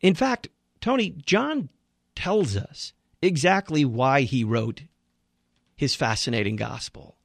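A man's voice: medium pitch, animated, slow, creaky, no room sound, clean studio sound. A man hosting a radio program, critiquing a sermon he has just played in an emphatic, preaching manner.

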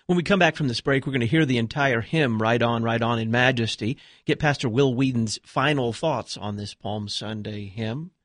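A man hosting a radio talk show, reading announcements and introducing his guest in a smooth, practiced delivery. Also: mid-range voice, dry recording, studio quality.

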